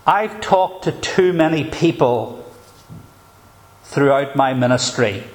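A man, a pastor, preaching a sermon in an emphatic, measured way with deliberate pauses. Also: mid-range voice, animated.

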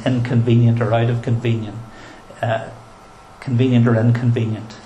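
A man's voice: mid-range voice, flat delivery, moderate pace, mellow, a little hiss or hum. A male pastor preaching a sermon in an earnest, emphatic way, with touches of dry humor. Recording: roomy echo.

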